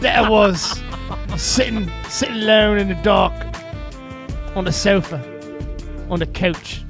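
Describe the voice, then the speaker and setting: A man putting on a clumsy mock British accent as a guy lounging on his sofa, drawn-out comic delivery. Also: high-pitched, vocal fry, music in the background, exaggerated voice. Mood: goofy.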